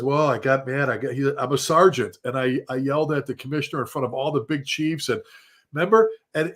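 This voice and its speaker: A man, a retired fire chief, telling blunt, salty stories on a casual panel and acting out the voices of the people he quotes. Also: fairly high pitch. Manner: animated storyteller who acts out quoted voices.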